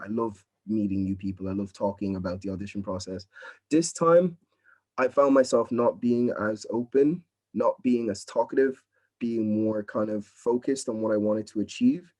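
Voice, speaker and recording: A man's voice: fairly low pitch, darkish tone. Earnest young man from Nigeria. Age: young adult. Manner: earnest, encouraging, repeats "you know what I mean". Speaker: drama student. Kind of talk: casual interview answers.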